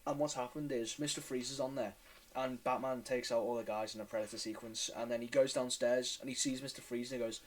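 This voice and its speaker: A man's voice: medium pitch, fairly even intonation, brisk, rough recording. A man hosting a casual podcast chat, rambling and swearing with many restarts. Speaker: podcast host.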